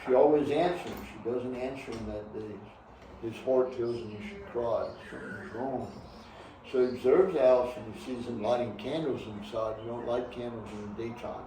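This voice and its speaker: A man's voice: mid-range voice, fairly even intonation, normal speed, mellow, slight background noise. A man with a Cajun accent telling folk stories to a live audience in an easygoing, drawling way. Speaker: storyteller and singer. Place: heritage village hall. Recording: roomy, from a distance, faint accordion.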